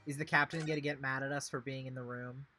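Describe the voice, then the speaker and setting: A man's voice: medium pitch, level tone, quick pace, sharp tone. A man streaming a game, reading dialogue aloud with playful, joking asides. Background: game music.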